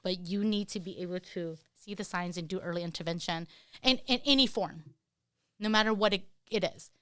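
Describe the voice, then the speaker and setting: Earnest, lowish-voiced woman, dry sound. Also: fairly quick, a bit bright, clean tone, no echo. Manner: earnest and heartfelt, with many fillers. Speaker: guest, parent of an autistic child. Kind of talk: candid conversational interview.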